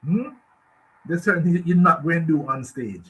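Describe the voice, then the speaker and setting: A man's voice: on the high side, lively intonation, normal speed, breathy edge, poor audio. A man with a Jamaican accent, a guest expert on a radio talk show, talking emphatically in rambling rhetorical questions.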